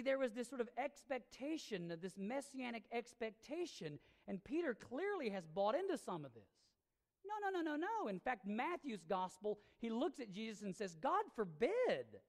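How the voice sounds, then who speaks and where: A woman's voice: on the high side, darkish tone. A woman pastor preaching a sermon in an emphatic, conversational way. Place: church sanctuary. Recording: long reverb of a church hall.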